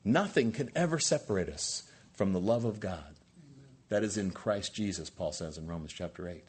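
Male pastor, husky voice, lively swooping delivery, preaching with emphatic rhetorical questions. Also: deep voice, normal speed. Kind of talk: sermon.

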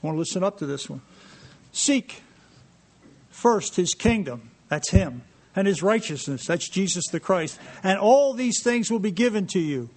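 Male preacher, high voice, lively and joking with the congregation, reads scripture aloud. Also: fairly quick. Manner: animated, jokey, reading scripture aloud to a congregation. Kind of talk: sermon. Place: church sanctuary.

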